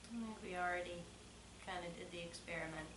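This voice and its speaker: Co-host, female, lowish voice, short dry answers, echoey noisy room. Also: fast. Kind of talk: casual chat.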